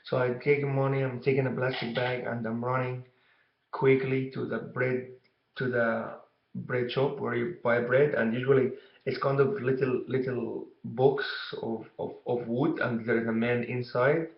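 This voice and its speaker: A young man tells a story from his childhood in a flat, level voice. He rambles and restarts, filling gaps with "you know". The recording is dull and roomy, with a noticeable echo. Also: medium pitch, a little slow, vocal fry. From Egypt. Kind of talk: casual storytelling to camera. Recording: dull, echoey room recording.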